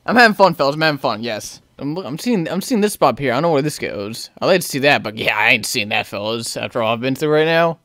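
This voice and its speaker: A man commentating his own gameplay, frantic, yelling, swearing at the game and talking to his viewers. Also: mid-range voice, expressive, quick pace, few pauses, no room sound, clean studio sound. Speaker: gaming channel host.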